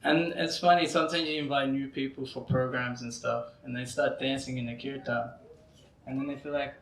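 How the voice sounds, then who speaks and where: Guy lecturing, telling funny stories, laughs a lot, says you know, bright voice, echoey hall, mic far off. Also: mid-range voice, fairly quick, slight background noise. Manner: lively storyteller, laughs often, frequent "you know". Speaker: lecturer at a devotional gathering. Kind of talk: anecdotal religious lecture. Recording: roomy hall from a distant mic.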